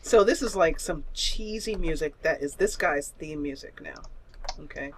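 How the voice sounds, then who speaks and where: A woman's voice: low voice, animated, normal speed, slight background noise. A woman narrating as game master of an online tabletop role-playing game, telling the story in a playful, giggly way with flowery descriptions. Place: online voice call.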